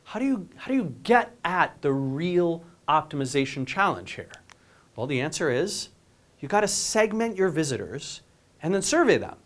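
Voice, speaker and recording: Energetic man giving a conference talk. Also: on the high side. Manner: energetic, keeps asking "right?" to the audience; many quick restarts and repeated words. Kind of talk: conference presentation.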